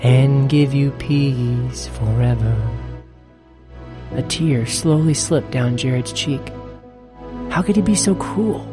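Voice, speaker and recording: A narrator reading a story aloud in a steady, earnest manner over faint music. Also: mid-range voice.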